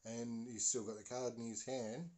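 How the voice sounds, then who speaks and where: A man's voice: medium pitch, little pitch movement, moderate pace, darkish tone. A man hosting a podcast, telling a story casually and rambling with lots of fillers. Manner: rambling, full of "you know" fillers. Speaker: podcast host.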